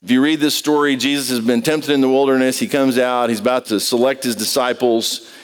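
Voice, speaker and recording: A male pastor with a smooth, resonant voice preaching a relaxed, story-driven sermon. He keeps turning to the congregation with questions, and his words ring out with the long reverb of a large hall. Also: medium pitch, a little fast. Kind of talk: conversational sermon.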